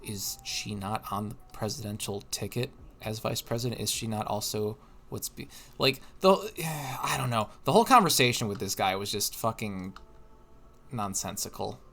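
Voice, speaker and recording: A man's voice: fairly low pitch, animated, normal speed, fairly bright tone. A tired man streaming a game, telling a rambling story in casual chat with lots of restarts. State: tired, yawning. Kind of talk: casual chat while gaming.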